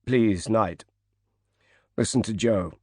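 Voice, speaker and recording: A man's voice: fairly low pitch, darkish tone, no room sound, studio quality. A man voicing a grieving, proud older male tycoon in an audiobook, wounded and indignant in tone. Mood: mournful. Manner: wounded, indignant, fast when angry.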